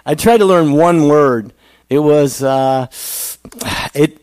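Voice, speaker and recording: A man's voice: on the high side, a little slow, pauses often, darkish tone, no echo. A male pastor giving a conversational sermon, asking the congregation questions.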